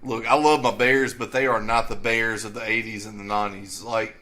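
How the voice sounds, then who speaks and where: Man, profane sports co-host, blunt rants, bright voice, casual chat. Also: fairly low pitch, fairly even intonation, fairly quick.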